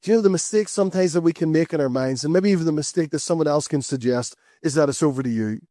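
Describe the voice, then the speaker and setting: A man's voice: on the high side, quick pace, dark tone, no echo, clean studio sound. A man preaching a sermon to a church, earnest and conversational, repeating his key phrases.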